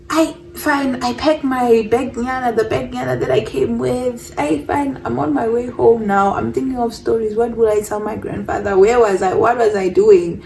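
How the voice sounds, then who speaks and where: A young woman telling a personal story on her vlog, animated and mixing English with Zulu phrases. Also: a little high, normal speed, hardly any pauses, far from the mic, slight background noise, poor audio. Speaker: vlogger.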